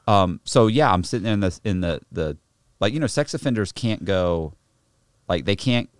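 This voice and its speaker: A man's voice: fairly low pitch, moderate pace, smooth, dry recording, studio quality. A middle-aged man, a podcast guest, telling a story in casual, profane talk and acting out the people in it. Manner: profane, animated, acts out the other people in his story.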